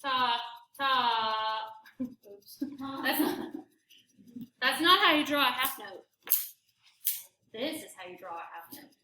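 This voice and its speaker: An upbeat woman teaching choir, chanting rhythm syllables as she demonstrates. Her voice is high and bright. The classroom around her is echoey. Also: lively intonation, slow, long pauses. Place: school classroom.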